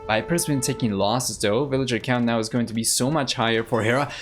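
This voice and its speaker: A man's voice: mid-range voice, brisk, hardly any pauses, faint music behind. Easygoing Argentine man casting a game. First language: Spanish. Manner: easygoing, thinks aloud, chats with viewers. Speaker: game caster and streamer. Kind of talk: live strategy game commentary.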